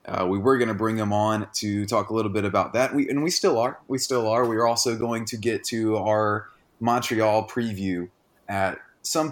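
A man hosting a casual sports podcast, joking and self-deprecating. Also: on the low side. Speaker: podcast host.

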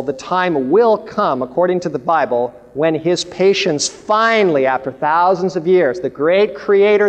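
A man's voice: sits high, long reverb tail. A man preaching a sermon, telling stories and declaiming with emphasis.

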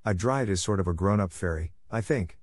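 A man voicing an excitable, chatty orphan girl who gushes eagerly and breathlessly. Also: low-pitched, fairly quick, no echo. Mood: gushing.

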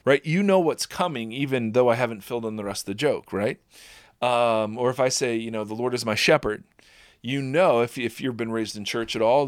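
Informal male Bible teacher, mid-pitched, reads scripture then chats through it. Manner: informal, many fillers and restarts, laughs at own slips. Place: at home, birds audible.

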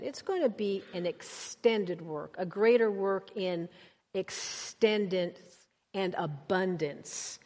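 A woman preaching a sermon to a congregation, emphatic and conversational, rising to high exclamations. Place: church. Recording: long hall reverb.

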